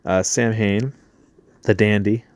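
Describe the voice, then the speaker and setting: A man's voice: on the low side, steady tone, slow pace. A man casually commenting as he reads through a crowdfunding page, laughing easily and trailing off into mumbles. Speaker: YouTuber reviewing a crowdfunding campaign. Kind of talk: casual commentary reading a campaign page aloud.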